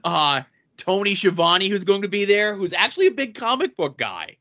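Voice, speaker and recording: Bright-voiced man running down guest lists. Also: high-pitched, big pitch swings, normal speed, muffled recording. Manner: reads off guest lists with dry asides. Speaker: podcast co-host. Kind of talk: casual podcast chat.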